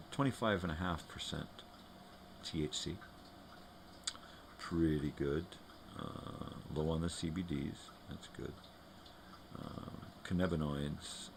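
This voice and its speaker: An extremely deep-voiced man hosts a live morning show from his home. He chats loosely and rambles, breaking off to talk to his dogs. A faint hiss sits behind his voice. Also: a little slow, gravelly. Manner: loose and chatty, talks to his dogs between thoughts. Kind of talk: casual rambling chat.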